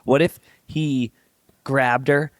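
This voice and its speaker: A man's voice: medium pitch, steady tone, slow pace, dry recording. A young man co-hosting a casual comedy podcast, building absurd scenarios and laughing along. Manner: spins absurd hypotheticals, laughs often. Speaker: podcast co-host.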